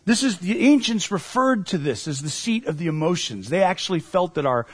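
A man's voice: sits high, expressive, brisk, breathy edge, no echo. A man preaching a sermon as a pastor, earnest and emphatic, asking his listeners questions.

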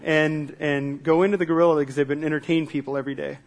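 A man's voice: a little high, fairly even intonation, quick pace, lightly acted. A man voicing a zoo manager in a funny story, speaking in a matter-of-fact way. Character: weary zoo manager, blunt and practical.

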